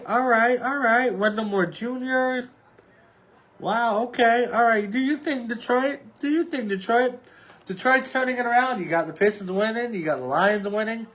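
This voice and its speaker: Solo podcast host, thirties, male, higher register, offhand and rambling with lots of fillers. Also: fairly bright tone. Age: 30s. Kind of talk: casual solo sports chat.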